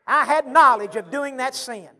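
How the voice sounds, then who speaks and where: High-pitched chanting preacher man. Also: normal speed, pushed and bright. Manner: rhythmic sing-song preaching with repeated refrains and gasped "uh"s. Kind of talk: chanted sermon.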